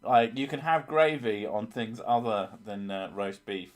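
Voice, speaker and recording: A man's voice: lowish voice, a little slow. A man hosting a casual live stream, chatting crudely with lots of swearing and laughter. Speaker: streamer, host of a horror story channel.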